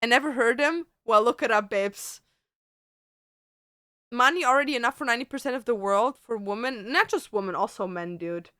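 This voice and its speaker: A woman's voice: fairly high pitch, moderate pace, pushed and bright, clean tone, dry recording, clean studio sound. A woman streamer chatting casually with her viewers in a blunt, profane way, often calling them babes.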